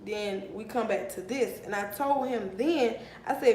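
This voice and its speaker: A young vlogger tells a heated storytime, animated and profane, at a slightly slow pace. She's recorded in an echoey room with a faint rumble underneath.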